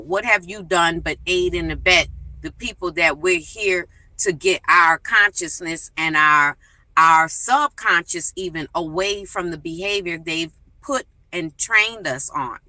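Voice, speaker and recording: A woman's voice: lowish voice, pushed and bright, no room sound, rough recording. A woman calling in to a live stream, speaking indignantly with scolding rhetorical questions. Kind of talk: impassioned call-in commentary.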